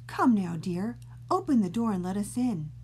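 A woman's voice: sing-song, moderate pace, warm tone, a little hiss or hum. Woman putting on a sweet coaxing storybook mom. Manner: high pleading sing-song. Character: sweet coaxing mother, gentle and patient. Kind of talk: storybook reading.

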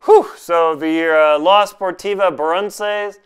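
In an unboxing vlog shot at home, a man chats casually about gear, joking and laughing at himself as he goes. His voice is high-pitched and smooth, and he takes his time.

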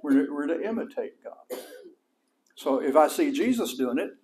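A middle-aged man with a West Texas accent preaching a sermon as pastor, folksy and animated, his voice rising high for emphasis. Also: normal speed, crowd noise.

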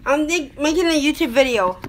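High-pitched, expressive and fairly quick, a slightly British-accented woman vlogs casually to the camera from her bedroom. She rambles and apologizes a lot over a noisy home recording.

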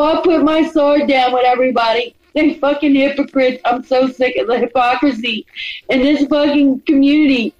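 A woman livestreamer in a furious, profane rant, repeating herself and making threats. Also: high-pitched. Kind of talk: angry confrontational rant. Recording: dull lo-fi audio.

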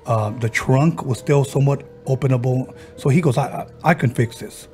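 A man hosting a podcast, casually retelling a ghost story he heard and slipping into the voices of the people in it, with halting restarts. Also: medium pitch, a little mellow, faint music behind. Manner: halting, with frequent restarts and fillers. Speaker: podcast host.

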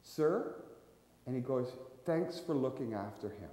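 A man's voice: medium pitch, expressive, unhurried, mellow, slight background noise. Man preaching in an echoey church. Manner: conversational storytelling with restarts, voicing characters. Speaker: guest preacher, missionary. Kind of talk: sermon. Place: church sanctuary.

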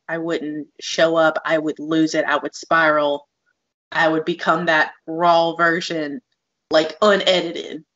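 A woman's voice: lowish voice, a bit bright. A woman co-hosting a podcast, talking about her feelings in a raw, open and emotionally frank way. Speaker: podcast co-host. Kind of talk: candid conversational podcast talk. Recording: dull lo-fi audio.

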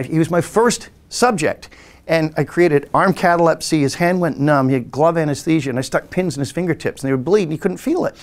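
A man in his sixties from England, hosting a podcast and telling rambling stories about his childhood in a casual way while acting out family voices. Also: a little high. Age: 60s. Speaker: podcast host and hypnotist. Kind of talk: casual storytelling.

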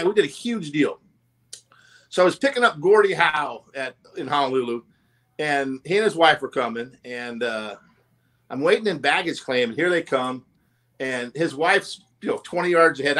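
Bright high-voiced man telling stories. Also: moderate pace. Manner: animated, laughs often, acts out quotes. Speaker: former sales executive telling stories. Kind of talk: casual roundtable storytelling.

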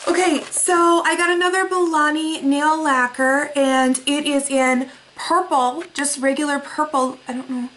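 A woman's voice: high voice, a bit bright, slight background noise. A young woman vlogger unboxing mail, gushing with gasps and breathless exclamations as she shows each item. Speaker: beauty vlogger.

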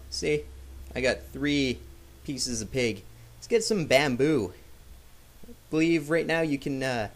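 Excitable man with lively pitch. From Canada. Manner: excitable, jokey, yelps at sudden scares. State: sick. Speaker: gameplay commentator. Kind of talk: casual gameplay commentary.

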